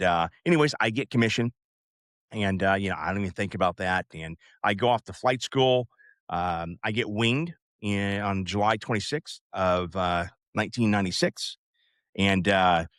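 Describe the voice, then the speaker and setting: A man in his fifties tells a long personal story in a low, unhurried voice. He rambles, with plenty of "uh" and "you know" asides. The sound is close and dry, with no room echo. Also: fairly bright tone. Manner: rambling, many fillers and asides. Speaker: podcast host. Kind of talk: casual storytelling.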